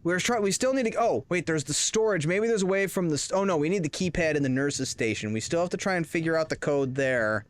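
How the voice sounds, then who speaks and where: A man's voice: a little high, animated, a little fast, few pauses. A man streaming a horror game live, rambling and joking as he plays and chatting with his viewers. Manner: rambling, jokey, talks to chat. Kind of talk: casual live-stream commentary.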